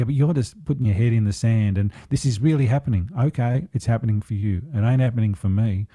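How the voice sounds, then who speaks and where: A man's voice: lowish voice, warm tone, no room sound. A man speaking as an empowerment coach in a podcast interview, earnest and reflective, taking his time over his thoughts.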